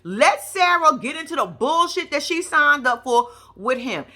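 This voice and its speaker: A woman giving brash, profane, animated commentary on a reality show. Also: sits high, measured pace. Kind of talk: casual reaction commentary.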